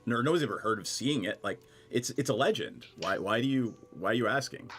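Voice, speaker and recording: A man's voice: medium pitch, animated, fast talker, a bit bright, natural voice. A man voicing a male owlfolk tavern assistant manager who is easygoing and offhand.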